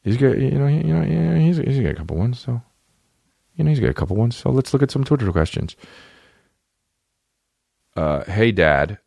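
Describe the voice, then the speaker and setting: A man's voice: mid-range voice, big pitch swings, fairly quick, gravelly, pauses often, dark tone, no echo, clean studio sound. A man in his twenties hosting a comedy podcast in casual, profane, rambling chat, often slipping into goofy voices. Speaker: podcast host.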